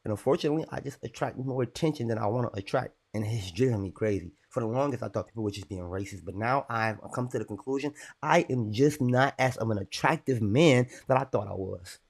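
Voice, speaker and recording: A man's voice: medium pitch, quick pace, creaky, few pauses. A young man on a casual livestream, rambling and irritated as he talks to his chat. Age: young adult.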